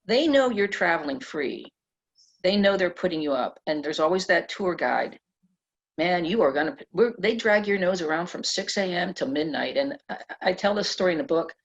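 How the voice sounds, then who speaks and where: A middle-aged woman being interviewed at a press club event, telling animated stories and laughing often. Her voice is low, gravelly and husky. The recording sounds dull and lo-fi. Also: normal speed. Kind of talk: conversational storytelling.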